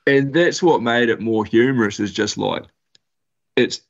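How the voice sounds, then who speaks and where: Gravelly laid-back New Zealand man. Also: medium pitch, measured pace, lo-fi sound. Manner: rambling, laid-back, lots of slang and fillers. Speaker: podcast guest, bush hunter. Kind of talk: casual storytelling.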